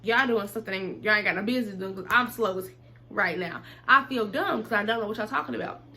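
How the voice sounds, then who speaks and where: A young woman telling a casual storytime, animated and slangy, acting out both sides of the conversation. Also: medium pitch, fast.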